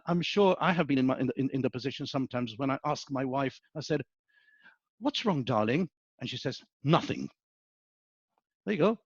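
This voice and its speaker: A man's voice: on the high side, dry recording, highs cut off. A middle-aged man, a business school professor giving a webinar lecture, telling anecdotes and often checking in with "okay?". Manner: anecdotal, animated storytelling with frequent "okay?" checks.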